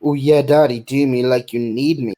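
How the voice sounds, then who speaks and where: A man's voice: medium pitch, fairly even intonation, normal speed, warm tone, natural voice. A man voicing a flirty male vodka bottle in an over-the-top seductive manner, with a put-on Hispanic-style accent.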